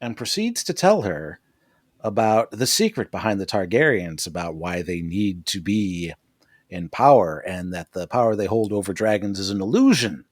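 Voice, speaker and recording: A man's voice: on the low side, expressive, moderate pace, no echo, clean studio sound. A man co-hosting a podcast, recapping a TV episode in casual chat, swearing and laughing often. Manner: profane, jokey, laughs often. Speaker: podcast co-host.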